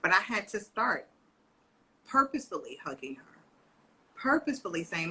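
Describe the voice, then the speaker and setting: Husky-voiced woman telling parenting stories. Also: mid-range voice, a little fast, rough recording. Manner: animated storyteller, acts out her daughter's voice. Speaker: co-host and parent educator. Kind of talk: casual live-stream chat.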